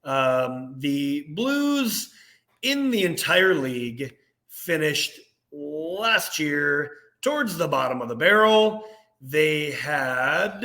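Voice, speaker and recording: A young man co-hosting a casual sports podcast, ranting with animated energy and laughing at himself. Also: on the high side. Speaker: podcast co-host.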